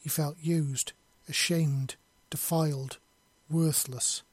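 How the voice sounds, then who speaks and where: A man narrating a fantasy story in a steady, measured read. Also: a little high, husky, no echo.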